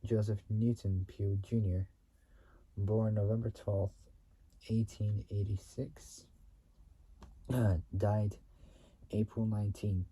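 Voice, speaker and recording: A man reads history aloud at a slow, unhurried pace, stumbling and going back over his phrases. His voice is very dark and mellow, with a husky edge. He breaks off now and then to clear his throat. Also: on the low side, flat delivery. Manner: stumbling reader who repeats and restates phrases. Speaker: channel host reading company history. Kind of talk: halting read-aloud history recap.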